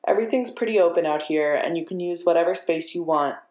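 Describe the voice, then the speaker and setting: A woman's voice: on the low side, fast talker, darkish tone, close to an everyday voice. Woman reading as Steve, a reassuring young man. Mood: gentle. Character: earnest young man giving a tour. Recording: echoey room.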